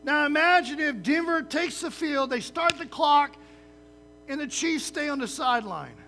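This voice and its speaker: A male pastor delivers a sermon in a very high, bright, forceful voice. He talks in a loose, conversational way, tosses in quick "right?" asides and leans on lively everyday comparisons. A faint hum sits under the recording. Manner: lively, uses sports comparisons.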